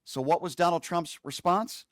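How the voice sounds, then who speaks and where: Scornful talk show host, dry close sound. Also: male voice, high voice, normal speed, no room sound. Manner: scornful, mocking, insulting. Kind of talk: opinionated political commentary.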